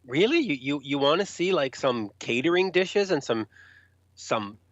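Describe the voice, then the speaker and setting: A man's voice: on the high side, unhurried, no room sound. Man telling rock stories, lo-fi sound. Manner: animated, acts out quoted voices. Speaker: rock journalist guest. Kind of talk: casual podcast storytelling. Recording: dull lo-fi podcast audio.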